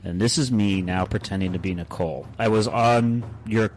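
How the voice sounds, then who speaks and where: A man's voice: lowish voice, normal speed, slight background noise. A man co-hosting a podcast, casually reading group chat messages aloud in mock voices and laughing often. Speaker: podcast co-host.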